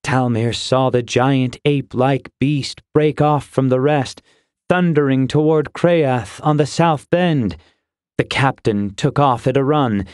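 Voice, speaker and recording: A man narrating a fantasy audiobook in a measured, steady reading. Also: a little high, no echo, studio quality.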